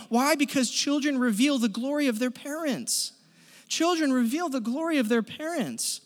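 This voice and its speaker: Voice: high-pitched, lively intonation, moderate pace. A pastor preaching a sermon in a church sanctuary, emphatic, repeating key lines for stress and leading the congregation in spoken declarations. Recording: long hall reverb.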